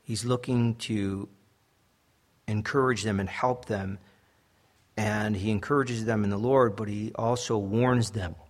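Husky-voiced man preaching a sermon. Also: on the low side, steady tone, unhurried. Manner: earnest preaching, rising to emphatic peaks. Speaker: pastor.

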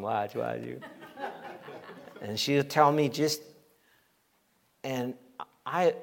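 A middle-aged man preaching a sermon as pastor, animated and emphatic, acting out quoted voices. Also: medium pitch.

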